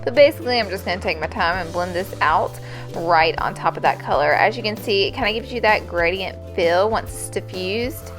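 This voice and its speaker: A woman's voice: medium pitch, animated, brisk, faint music behind. A young woman chatting through a casual makeup tutorial, bubbly and gushing as she talks. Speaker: beauty YouTuber.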